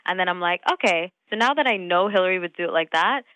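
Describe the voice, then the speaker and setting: A young woman with a bright, forward voice talks through her craft in a relaxed, rambling way. She fills her sentences with "like" and "you know", restarts often and breaks into laughs. The sound is dry and close, with no room around her. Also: lowish voice, fast, dry recording, poor audio. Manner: chatty, laughs often, many fillers and restarts. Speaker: actress guest. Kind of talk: casual interview chat.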